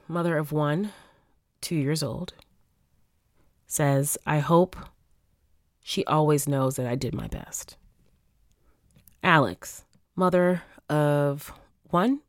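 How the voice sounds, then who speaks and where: Low-voiced woman podcaster, heartfelt. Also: no echo, studio quality. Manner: heartfelt, reflective, reading listener answers aloud. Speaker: podcast host. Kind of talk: solo podcast reading survey answers.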